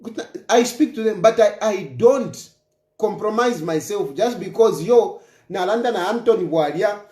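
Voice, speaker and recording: A man rants about politics in a high, swinging voice that leaps up and down as he presses each point. He is emphatic and taunting, repeating his lines over and over for effect. The sound is roomy, with a clear echo around him. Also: a little mellow. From Zambia. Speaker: political commentator. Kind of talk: impassioned political rant.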